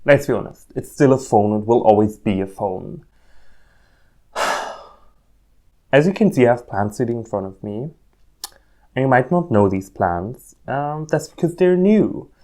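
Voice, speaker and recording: A man's voice: mid-range voice, animated, measured pace, pauses often, warm tone. A man filming a rambling, self-mocking vlog on his phone at home, talking at a table of plants with many ums. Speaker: orchid hobbyist vlogger. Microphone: phone camera.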